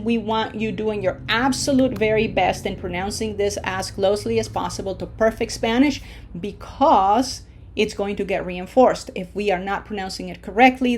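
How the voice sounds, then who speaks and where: A woman's voice: medium pitch, darkish tone. Patient woman teaching a language lesson. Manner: patient, checks in with "okay?" and "right?" often; slows down to model words clearly. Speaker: Spanish teacher.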